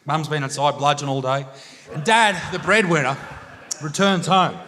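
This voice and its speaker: A man's voice: on the high side, normal speed, bright, forceful tone. A young Australian man doing a crude, swear-filled stand-up set on a comedy stage, telling stories to a live crowd. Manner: crude, swearing, brash storytelling.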